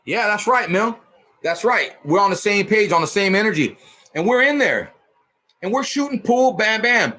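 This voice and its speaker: A man casually telling a rough story in heavy profanity and street slang, punching it up with sound effects. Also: sits high, very animated, normal speed, pushed and bright. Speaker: storyteller host.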